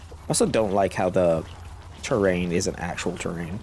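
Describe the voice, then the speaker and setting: A man casually commenting on his gameplay, musing aloud in a low-key way while nursing a sore throat and sucking on a cough drop. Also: moderate pace, a little mellow, a little hiss or hum. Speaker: gaming channel host. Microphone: cough drop in mouth.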